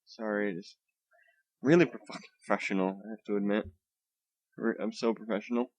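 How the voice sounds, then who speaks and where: A man's voice: lowish voice, steady tone, a little fast, darkish tone. A young man hosting a solo podcast from home, rambling casually with lots of swearing, fillers and restarts, keeping his voice down. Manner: holds back his volume. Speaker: podcast host. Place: home room.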